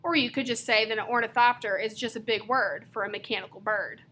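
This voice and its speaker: A woman's voice: a little high, fairly even intonation, fairly quick, pushed and bright. A woman doing a small brainy know-it-all boy. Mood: lecturing. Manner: precise, dictionary-like wording.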